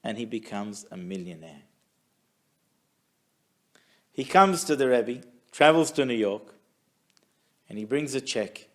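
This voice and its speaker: A man teaching a weekly Torah class who tells stories in a lively way and acts out the people in them. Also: medium pitch, slow pace, long pauses. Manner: animated storyteller, acts out quotes. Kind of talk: storytelling Torah lesson.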